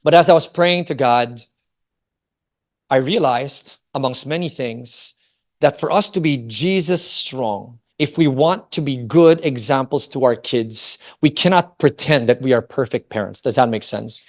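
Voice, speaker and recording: This Filipino family ministry speaker in his forties takes an unhurried pace with a medium-pitched voice. He tells a personal story in his Christian family talk, delivered with liveliness and animation, and keeps asking questions of the audience.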